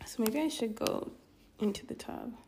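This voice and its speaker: A woman's voice: fairly high pitch, normal speed, noisy background. A young woman vlogging in a casual rambling monologue, candid and swearing, laughing at herself. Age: young adult.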